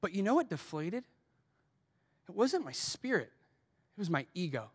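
A man's voice: high-pitched, very animated, normal speed, breathy edge. A man preaching a sermon as pastor, earnest and personal, asking his congregation direct questions and telling stories from his own life.

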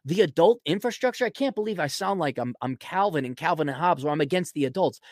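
A man hosting a podcast, delivering a blunt, mocking solo rant and often clearing his throat. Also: a little high, lively intonation, fast, no room sound, clean studio sound. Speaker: podcast host. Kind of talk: ranting solo commentary.

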